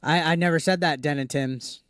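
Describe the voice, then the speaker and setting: A man's voice: on the high side, fairly even intonation, normal speed, fairly bright tone, clean tone, no room sound, clean studio sound. A man who makes gaming videos, defending himself point by point in an argumentative tone.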